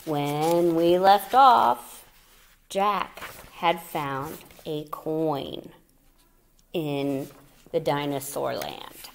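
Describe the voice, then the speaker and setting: Slow, expressive woman reading a story. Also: low-pitched, vocal fry. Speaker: teacher. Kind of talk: reading a children's book aloud.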